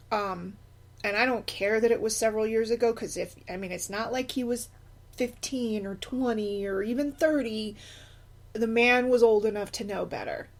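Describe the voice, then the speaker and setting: A middle-aged woman who is a single mother, talking through a podcast monologue in an impassioned, indignant way, with many fillers and restarts. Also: on the high side. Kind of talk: unscripted personal podcast monologue.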